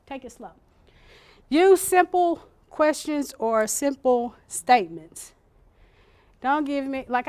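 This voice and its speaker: A woman leading an informal care-training workshop, chatty and animated, acting out little scenes with sudden loud bursts. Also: high-pitched.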